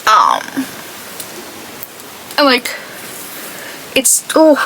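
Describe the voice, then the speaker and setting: A woman's voice: on the high side, animated, normal speed, pauses often, bright, forceful tone, a little hiss or hum, rough recording. A young woman chatting casually while doing her makeup, rambling and full of "like". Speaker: beauty vlogger.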